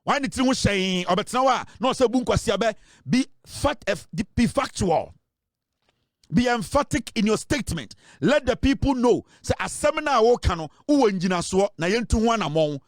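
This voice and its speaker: A man with a Ghanaian accent delivers heated political commentary in a high, strained voice. He scolds and insists, hammering his points. The sound is dry and close, with no room echo. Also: expressive, moderate pace. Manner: forceful and scolding, switching between English and Twi.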